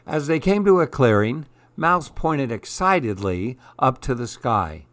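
In a mid-range voice with no echo, a man reads a children's picture book aloud. His storytelling is calm and measured.

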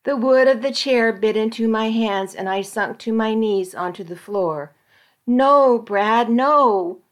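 A woman volunteer reader narrating a dramatic magazine story aloud in a measured storytelling voice. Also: fairly high pitch, a little mellow. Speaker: volunteer reader for a reading service.

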